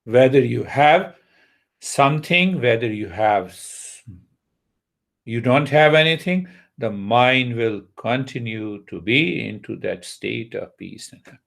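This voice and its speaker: A man giving a spiritual talk on meditation as a teacher, unhurried, asking his listeners rhetorical questions. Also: mid-range voice, vocal fry, fairly bright tone.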